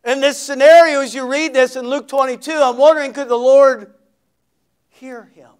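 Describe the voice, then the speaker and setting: Preaching at a moderate pace with fairly even intonation, this pastor has a voice notably high for a man. He acts out scenes as he dramatically tells the story, slipping in folksy, conversational asides.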